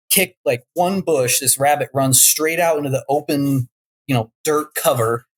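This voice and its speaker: A man's voice: medium pitch, rough recording. A young man, a falconer and podcast guest, telling stories in a loose, laid-back way, full of "like" and "dude". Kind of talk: casual chat.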